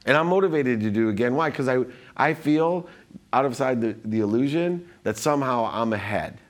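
A man talking as a guest in casual conversation, telling stories with animated quoted exchanges. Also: medium pitch, moderate pace. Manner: animated, acts out quotes, frequent restarts.

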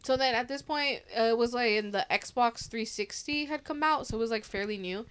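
Give me a woman in her thirties with a fairly high voice, telling a story in loose, casual chat. She swears a lot and jumps into the voices of everyone in the tale, so her delivery stays animated from start to finish. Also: fairly quick, clean tone. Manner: animated, swears freely, acts out quoted voices. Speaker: podcast host.

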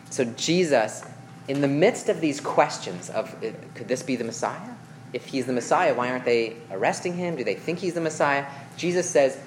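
A man's voice: mid-range voice, animated, normal speed, slight background noise. A man teaching a Bible passage in a conversational way, reading verses aloud, explaining them and checking in with his listeners. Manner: reads scripture aloud, then explains it; checks in with listeners with questions and "okay?".

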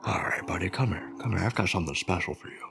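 A man voicing a gentle male healer who coos softly over a small creature in a tabletop game. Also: sits low, quick pace, gravelly, faint music behind. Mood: doting. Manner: soft, hushed, doting.

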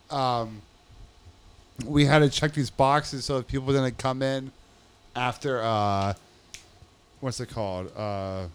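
A man's voice: a little high, clear, resonant tone. A man telling stories in a casual, profane chat, acting out other people's voices as he goes.

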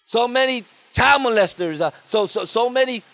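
A man's voice: very high voice, moderate pace. A man preaching as a guest pastor at a church service, fervent, with story-telling asides and calls for amens. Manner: tells stories with lively asides. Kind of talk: sermon.

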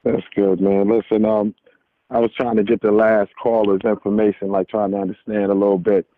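A man's voice: fairly low pitch, level tone, a little fast, no room sound. A man calling in to a radio show, speaking earnestly with a preachy manner and many restarts. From New York. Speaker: caller. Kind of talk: impassioned call-in commentary. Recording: tinny phone line.

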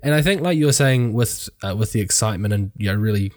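A man's voice: lowish voice, lively intonation, fast talker, no echo, clean studio sound. A young adult man, a wedding photographer with a sore throat, chatting casually with a rambling, hedging manner. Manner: rambling, hedging, many fillers. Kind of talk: casual podcast chat.

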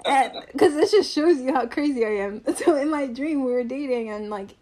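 Young woman, podcast co-host, chatty and animated, slightly high voice. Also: normal speed. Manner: animated, laughs often, acts out quotes. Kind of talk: casual storytelling.

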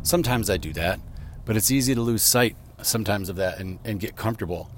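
A man's voice: lowish voice, fast talker. A man in his thirties talking through his thoughts in a casual, rambling monologue while driving, full of fillers. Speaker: vlogger. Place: in a car. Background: vehicle road noise.

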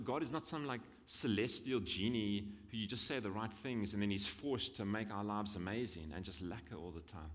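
South African preacher in a reverberant hall. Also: male voice, on the low side. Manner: conversational, emphatic repetition. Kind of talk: sermon.

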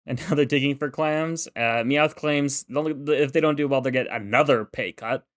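A man's voice: medium pitch, moderate pace. A man co-hosting a podcast, giving a laid-back, casual recap that swears now and then. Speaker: podcast co-host.

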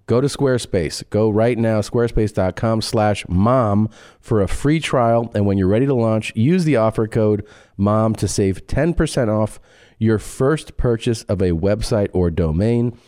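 A man's voice: lowish voice, measured pace, warm tone, no room sound, clean studio sound. A man co-hosting a comedy podcast, reading sponsor ads in a jokey, offhand, rambling way. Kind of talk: casual ad read.

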